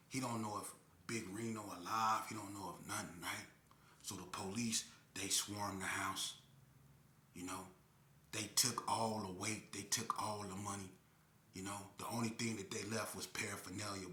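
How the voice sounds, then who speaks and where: A man with a lowish yet very bright, forceful voice tells a crime story in casual slang, imitating gunshots and blows with vocal sound effects. The recording has a roomy echo and slight background noise.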